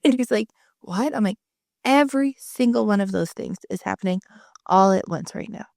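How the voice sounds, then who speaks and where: A woman in her thirties co-hosts a casual podcast. She talks in a loose, chatty way, swears freely and acts out quoted dialogue. Her voice sits mid-pitch, and the recording is dry and close. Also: fairly quick, gravelly, darkish tone, no room sound. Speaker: podcast co-host. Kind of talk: casual chat.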